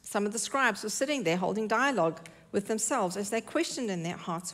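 A woman's voice: mid-range voice, expressive, fairly quick, few pauses, fairly bright tone. A woman preaching a sermon in church, earnest and emphatic, repeating her key phrases.

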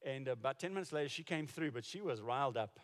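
A man's voice: mid-range voice, lively intonation, quick pace, fairly bright tone. A man in his forties or older, a pastor preaching a sermon and telling stories conversationally, with frequent restarts. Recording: reverberant hall.

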